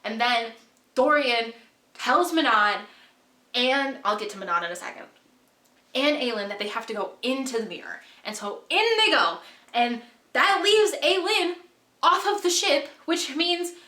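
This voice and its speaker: A woman vlogger recapping a book in a casual, rambling way, gushing with excitement and dropping to a hushed voice at dramatic moments. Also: high voice, unhurried, reverberant.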